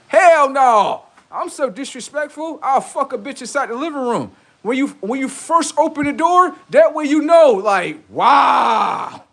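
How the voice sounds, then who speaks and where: A man's voice: very high voice, a bit bright. A man on a livestream, talking in a rambling, profane, boastful monologue, often laughing and acting out quoted voices. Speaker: livestream host.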